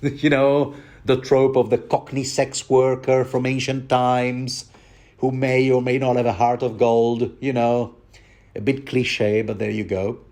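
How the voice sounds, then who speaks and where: Male commentator, rambling and self-mocking, mid-pitched. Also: little pitch movement, measured pace, a little mellow. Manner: chatty, self-mocking, many fillers. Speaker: book commentator.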